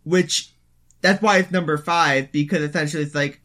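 A man co-hosting a casual gaming podcast, talking in an animated way and using lots of fillers. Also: fairly high pitch, moderate pace. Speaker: podcast co-host.

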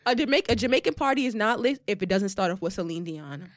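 A woman's voice: mid-range voice, animated, fast, dry recording, studio quality. A woman co-hosting a podcast in casual chat, jumping in and talking over her partner. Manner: interjecting, hyped, talks over her co-host. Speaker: podcast co-host.

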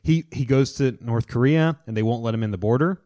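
A man in his thirties co-hosting a casual podcast, retelling comic storylines with enthusiasm and quick quoted voices. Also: mid-range voice, mellow. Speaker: podcast co-host. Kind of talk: casual chat.

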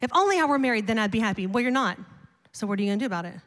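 A middle-aged woman pastor preaching a sermon, telling a personal story in an animated, emphatic way with repeated refrains. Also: on the high side, very fast. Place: large church auditorium. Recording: long hall reverb.

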